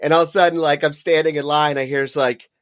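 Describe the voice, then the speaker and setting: A young man with a slightly high, smooth, bit-bright voice talks fast in a steady tone. As a podcast co-host, he spins a lengthy, profane story in casual fashion, constantly saying "like" and "uh."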